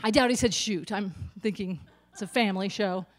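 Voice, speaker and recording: A woman's voice: medium pitch, a little fast. A woman in her sixties, a nurse and stand-up comic, delivering a chatty, self-deprecating routine to the audience. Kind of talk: stand-up comedy.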